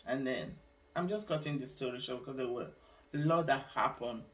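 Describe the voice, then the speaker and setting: A woman tells her own story in a personal vlog. She speaks with deep feeling, stops and starts her sentences, and adds religious asides. Her voice sounds somewhat distant from the microphone. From Nigeria. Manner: emotional, halting, with frequent restarts and religious asides. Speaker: vlogger sharing her life story.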